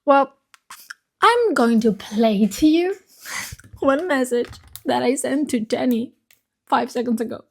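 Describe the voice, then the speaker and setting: Gravelly-voiced woman chatting about books. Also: sits high, lively intonation, slow, long pauses. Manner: rambling, swears freely. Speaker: book vlogger. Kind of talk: casual chat about books. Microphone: phone.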